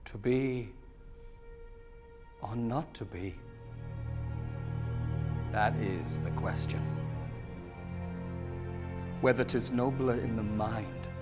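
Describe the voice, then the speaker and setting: A brooding young prince speaks in a hushed, solemn murmur, as a man plays him on stage. His delivery is slow and heavy. Faint music sits under him. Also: lowish voice. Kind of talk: live stage acting.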